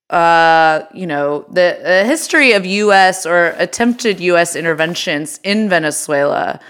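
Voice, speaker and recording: Smooth low-voiced woman co-hosting. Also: fairly bright tone. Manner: dry, teasing, wry. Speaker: podcast co-host. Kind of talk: casual chat.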